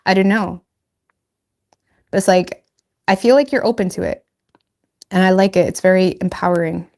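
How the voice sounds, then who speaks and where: A woman's voice: mid-range voice, normal speed, darkish tone. A woman giving a casual tarot reading, chatty and loose, laughing at herself and filling her talk with "like" and "you know". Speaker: tarot reader.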